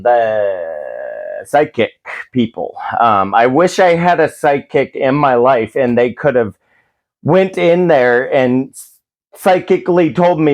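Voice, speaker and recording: A man's voice: mid-range voice, a little mellow, lo-fi sound. A man giving a rambling, profane comedic recap of a film, full of restarts and acted-out quotes. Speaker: movie reviewer.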